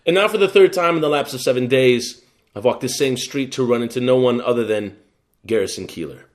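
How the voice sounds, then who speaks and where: A young adult man, a guest poet, performing a rhythmic, expressive spoken-word piece and chatting casually. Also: medium pitch, brisk. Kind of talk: performed poetry reading and casual chat.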